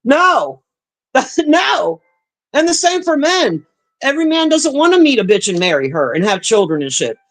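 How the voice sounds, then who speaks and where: A woman's voice: high voice, sing-song, normal speed. A woman livestreaming to her chat, talking bluntly and profanely in a casual rant, with sighs and trailing-off asides.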